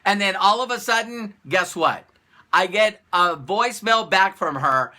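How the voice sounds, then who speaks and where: A man plays business coach in a casual motivational talk to camera, animated and full of repeated phrases and rhetorical questions. His voice is high-pitched and his delivery a little slow.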